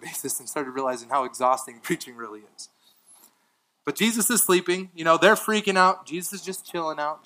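A man preaching a sermon in a bright, forceful voice pitched a little high. He swings from emphatic lines to hushed ones and drops in casual asides with light laughs. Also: poor audio. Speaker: pastor.

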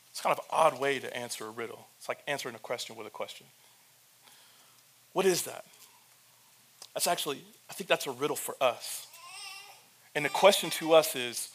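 A pastor preaching, retelling the story with humor and speaking directly to the church. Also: male voice, mid-range voice, brisk, pauses often, a bit bright. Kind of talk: sermon.

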